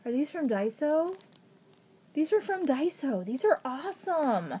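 A woman from Ohio in a casual unboxing vlog, gushing with excitement, gasping and thanking a friend over each gift. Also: sits high, unhurried. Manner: gushing, excited, frequent gasps. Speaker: vlogger.

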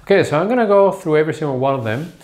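Man teaching vocabulary slowly. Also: a little high, expressive, a little mellow. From Spain. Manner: slow, deliberate pronunciation of words; checks in with "¿ok?". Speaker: Spanish teacher. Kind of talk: bilingual vocabulary lesson.

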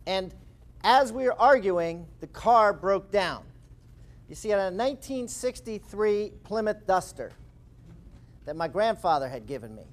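High-voiced man telling a lively story. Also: measured pace. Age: 40s. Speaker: speaker and author. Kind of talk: storytelling talk.

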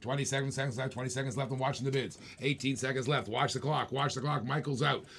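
A man's voice: medium pitch, fairly even intonation, fast talker, vocal fry, fairly bright tone, a little hiss or hum. A man hosting a live online auction, calling bids in playful, repetitive patter with jokes. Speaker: auctioneer and host.

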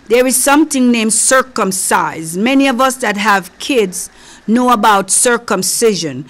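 A woman's voice: medium pitch, a bit bright. A woman preacher with a slight accent giving a conversational sermon, speaking earnestly and directly to her listeners. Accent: non-native English. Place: local community TV studio.

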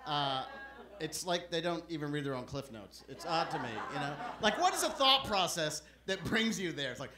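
Lively high-voiced male stand-up comic. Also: normal speed. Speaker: stand-up comedian. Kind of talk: stand-up comedy set. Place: comedy club stage. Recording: roomy club recording with background noise.

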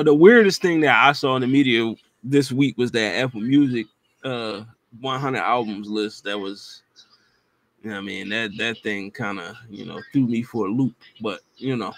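A man co-hosting a podcast, talking casually and laid-back, leaning on filler phrases. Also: mid-range voice. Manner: relaxed, hedging with fillers. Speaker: podcast co-host. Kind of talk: casual chat.

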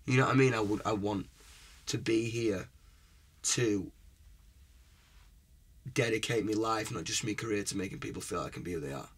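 A young man speaks as a guest musician in a relaxed interview, his voice husky and sitting fairly low. He talks earnestly in long, rambling stretches and keeps checking that his listener follows him. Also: normal speed, pauses often. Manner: earnest and rambling, often asks "you know what I mean?". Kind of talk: casual interview chat.

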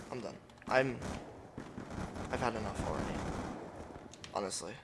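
A gamer doing live gameplay commentary, ranting profanely at the match and bursting into excited yelling. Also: medium pitch, unhurried, pauses often, noisy background. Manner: profane, frustrated ranting at the game.

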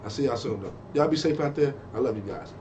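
A man's voice: medium pitch, quick pace, noisy background. A man hosting a reaction channel, talking casually to his viewers in a laid-back way. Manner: laid-back, talks straight to viewers, keeps saying "man".

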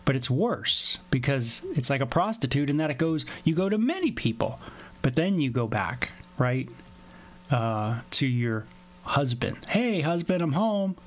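A man's voice: medium pitch, expressive, unhurried. A man giving a casual, conversational Bible teaching from home, now and then acting out short scenes in other voices. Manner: conversational, acts out little skits with voices.

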